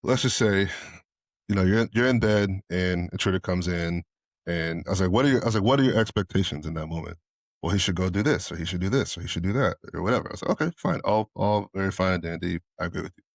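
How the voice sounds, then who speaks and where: A low-pitched man talks quickly in a candid podcast chat. He tells stories and acts out both sides of a conversation, swearing freely. His voice sounds close and dry. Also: no echo. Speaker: podcast co-host.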